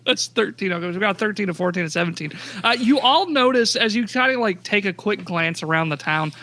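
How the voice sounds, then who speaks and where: A man's voice: high-pitched, lively intonation, brisk, pushed and bright. A man running a tabletop game as game master, narrating scenes in a laid-back, joking way with casual swearing.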